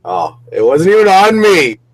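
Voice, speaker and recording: A man's voice: high-pitched, huge pitch swings, normal speed, low-quality recording. A man co-hosting a casual livestream, answering in short teasing quips. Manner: teasing, brief quips, laughs often. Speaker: livestream co-host.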